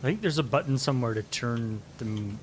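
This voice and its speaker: A man's voice: medium pitch, animated, brisk. A man chatting casually during a multiplayer game and making wry, musing remarks. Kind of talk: casual gameplay chat.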